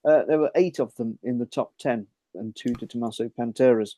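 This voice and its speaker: A man's voice: mid-range voice, a little fast, mellow, no room sound. A man co-hosting a casual podcast, reading out race results in a dry, understated way. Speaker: podcast co-host. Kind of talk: casual chat.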